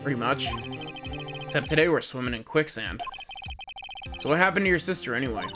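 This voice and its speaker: A woman's voice: extremely low pitch, animated, fairly quick. A woman reading as a wry young lawyer. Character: wry adult male defense lawyer. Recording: game music playing underneath.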